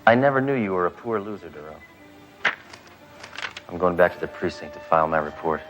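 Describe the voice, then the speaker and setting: A gruff, cocky cop. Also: male voice, low voice, fairly quick, music in the background, rough recording. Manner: deadpan, gruff, self-assured. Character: blustering, trigger-happy male police detective. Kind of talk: 1980s TV sitcom acting.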